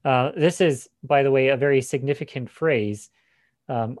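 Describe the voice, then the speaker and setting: A man's voice: medium pitch, expressive, moderate pace, dry recording, studio quality. A man giving a Bible lesson, explaining passages with frequent fillers and restarts. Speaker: Bible teacher. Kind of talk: teaching session on scripture.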